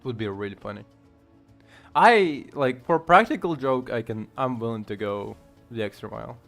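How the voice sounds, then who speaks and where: Ukrainian-accented male gamer, mid-pitched, loose rambling commentary, faint game music. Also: lively intonation, normal speed, gravelly, fairly bright tone. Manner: rambling, chuckling, swears often. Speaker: gamer streamer. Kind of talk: casual gameplay commentary.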